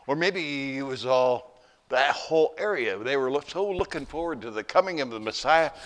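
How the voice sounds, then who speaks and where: A middle-aged pastor giving a folksy sermon, telling stories and asking rhetorical questions. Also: male voice, mid-range voice, expressive, normal speed, fairly bright tone.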